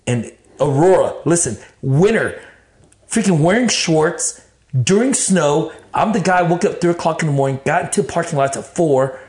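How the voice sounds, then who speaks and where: A man from Texas, telling his life story in casual, animated talk full of cursing, acting out his own past thoughts. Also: fairly high pitch, moderate pace.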